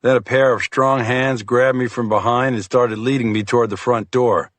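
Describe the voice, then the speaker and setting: A man narrating a crime thriller audiobook in the first person, with a steady, measured delivery. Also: mid-range voice, dry recording.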